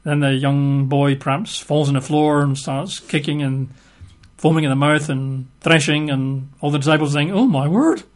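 A man's voice: fairly high pitch, little pitch movement, moderate pace. A middle-aged man teaching from the Bible in a chatty, hesitant way, full of fillers. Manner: chatty and hesitant, many fillers and 'sort of'. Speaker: preacher.

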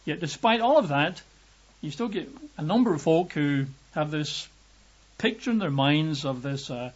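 A man from Britain preaching a lively, emphatic sermon, raising his voice to act out quotes. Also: moderate pace, breathy edge. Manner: lively emphatic, acts out quotes with raised pitch. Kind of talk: sermon teaching. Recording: dull lo-fi recording.

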